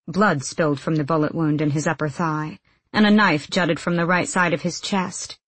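A woman narrates a novel in a steady, measured way. Her voice is low with a husky texture. The recording is close and dry. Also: dry recording. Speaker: audiobook narrator. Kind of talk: scripted narration.

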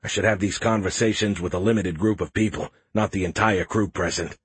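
A man narrating an audiobook in a wry, deadpan storytelling manner. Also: deep voice, fairly quick, husky. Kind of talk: scripted narration.

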